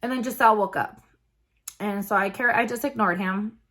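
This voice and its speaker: Woman, vlogger, personal storytime, casual, halting, many fillers, mid-pitched voice. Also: a bit bright.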